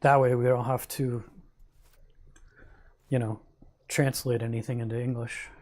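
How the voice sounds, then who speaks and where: A man's voice: mid-range voice, flat delivery, a little slow, darkish tone. A man casually commenting on a game he is streaming, joking and reacting aloud.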